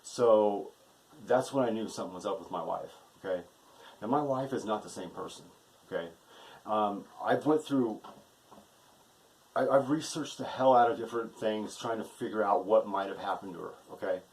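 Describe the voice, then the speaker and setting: A man's voice: lowish voice, moderate pace, darkish tone, rough recording. A man from the United States in a rambling, agitated monologue to camera, repeating himself and tagging his sentences with "okay?". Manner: agitated, repetitive, keeps adding "okay?" and profanity. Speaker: vlogger.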